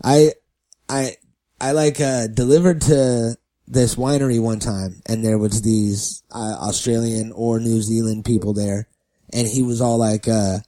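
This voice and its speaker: A man's voice: mid-range voice, little pitch movement, a little slow, warm tone. A man chatting casually with friends, telling a story with laughs and swearing, acting out the people he quotes. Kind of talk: casual comedic chat.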